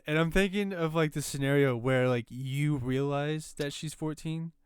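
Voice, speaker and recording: A man's voice: fairly high pitch, unhurried, smooth. A man co-hosting a podcast over a video call, chatting casually, tired and mumbling, swearing and laughing at his own ideas. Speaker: podcast co-host. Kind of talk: casual chat.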